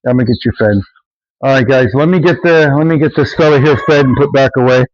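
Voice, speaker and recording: A man's voice: medium pitch, quick pace, dry recording, dull audio. A man filming a casual vlog outdoors on his homestead, talking in a loose, rambling way with plenty of fillers and restarts. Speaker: homesteading vlogger. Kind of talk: casual walk-and-talk vlog. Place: outdoors on a farm yard with animals.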